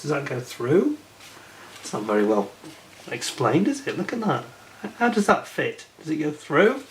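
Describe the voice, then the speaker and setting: A man talks his way through a model kit review in a loose, chatty manner, often muttering asides to himself. His voice sits at an everyday middle pitch. It is recorded in an echoey room with a faint noise underneath. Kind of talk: casual unboxing commentary.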